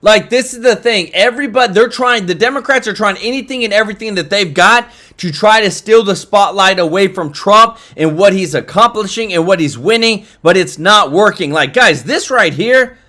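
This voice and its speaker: A man hosting an excited political commentary vlog, hyping up the news and talking straight to his viewers. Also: high-pitched, normal speed, few pauses. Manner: hyped, keeps addressing viewers as guys.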